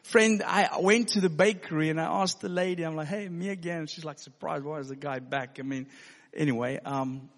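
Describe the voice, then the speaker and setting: A pastor telling a personal story in a sermon, earnest and given to laughing. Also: male voice, a little high, steady tone, moderate pace. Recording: long hall reverb.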